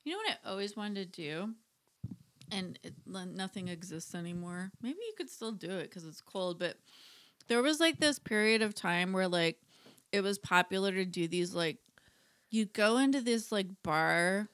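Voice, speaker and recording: A woman chats casually as a podcast co-host, wandering through stories and laughing often. Her voice sits at an ordinary middle pitch. It is recorded close and dry, with no room sound. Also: normal speed, fairly bright tone, dry recording. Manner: chatty, giggly, rambling storyteller. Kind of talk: casual chat.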